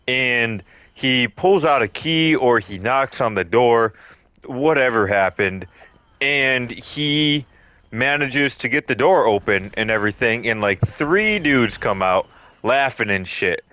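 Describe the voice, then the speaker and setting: A man's voice: mid-range voice, pushed and bright, smooth, no room sound. A young man telling a rambling story casually, full of swearing and ums, acting out the quotes. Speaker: storytelling vlogger. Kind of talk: casual storytime over gameplay.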